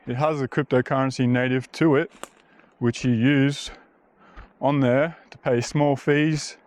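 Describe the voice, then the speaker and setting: A man's voice: mid-range voice, darkish tone, no room sound. A man talking bluntly and casually while walking a bush trail, rambling and swearing now and then. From Australia. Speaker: vlogger. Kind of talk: casual walking vlog monologue.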